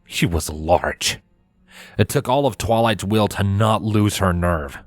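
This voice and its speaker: A man reads a fanfiction chapter aloud, steady and expressive in his storytelling. His voice is low and recorded dry and close, with faint music underneath. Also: dry recording. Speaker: fanfiction reader. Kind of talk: scripted narration.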